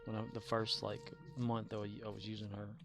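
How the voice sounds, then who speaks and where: A man's voice: on the low side, monotone, normal speed, vocal fry. A man casually chatting on a game stream, rambling, muttering and humming along while he plays. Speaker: livestreamer. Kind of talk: casual gaming stream chat. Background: music playing.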